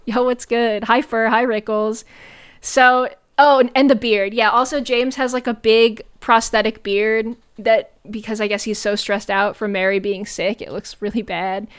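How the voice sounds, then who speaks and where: A woman's voice: fairly high pitch, steady tone, a little slow, smooth. A woman streamer giving casual, sarcastic commentary on a movie, talking loosely with lots of filler words. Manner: chatty and sarcastic, many fillers and "like"s.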